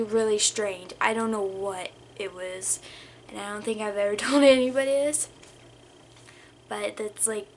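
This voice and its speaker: A woman's voice: mid-range voice, a little hiss or hum. A young woman telling a storytime vlog in a rambling, casual way, full of "like" and dropping into whispers. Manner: rambling, lots of "like" fillers, drops to whispers. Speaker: vlogger.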